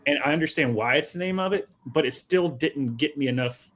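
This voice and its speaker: A man's voice: a little high, a little fast, a bit bright. Rambling man co-hosting a book club. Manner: rambling, many restarts and fillers, joking. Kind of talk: casual chat.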